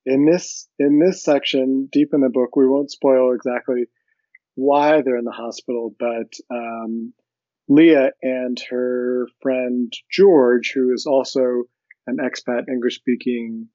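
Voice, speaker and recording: A man's voice: mid-range voice, fairly even intonation, slow pace, warm tone, no room sound. Easygoing man discussing a book. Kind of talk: casual chat and book reading. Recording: dry, slightly muffled audio.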